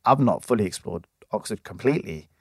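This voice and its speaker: A young man tells a meandering story in a relaxed chat, circling back with fillers and false starts. His voice sits on the low side. The sound is dry and close. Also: a little fast, slightly rough, no echo. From England. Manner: rambling storyteller with many restarts and fillers. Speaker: podcast co-host. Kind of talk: casual chat.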